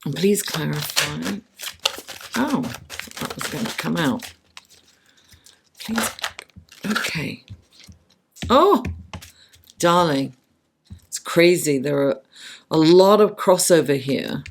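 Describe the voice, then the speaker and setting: Lady reading tarot cards late at night, low gravelly voice, tired, kinda losing it. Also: slow pace, long pauses, noisy background. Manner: chatty, affectionate, talks to the cards. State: losing her voice from the late hour. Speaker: tarot reader.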